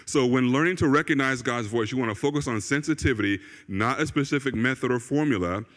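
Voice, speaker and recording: A man's voice: medium pitch, fairly bright tone. A man, a pastor, preaching a sermon in a church in a conversational way, repeating phrases for emphasis and often checking in with "right?" or "okay?". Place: church sanctuary. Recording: long reverb of a church hall.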